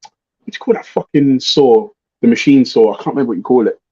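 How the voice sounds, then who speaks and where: A man's voice: mid-range voice, fast talker, slightly rough. A middle-aged man hosting a livestream, talking bluntly and swearing as he tells stories. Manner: blunt, swearing, animated storytelling. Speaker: livestream host. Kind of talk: casual ranting chat. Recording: muffled lo-fi livestream audio.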